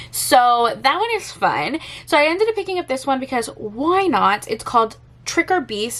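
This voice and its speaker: A woman's voice: fairly high pitch, a bit bright. A young woman vlogging as a book reviewer, chatty and gushing, with some casual swearing. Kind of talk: casual vlog chat. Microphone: camera.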